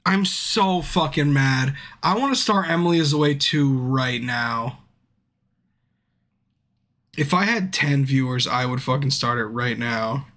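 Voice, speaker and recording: A man's voice: mid-range voice, unhurried, a bit bright. Drunk, swearing man streaming a game. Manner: frustrated, swears a lot, talks to viewers by name. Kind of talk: casual live-stream chat.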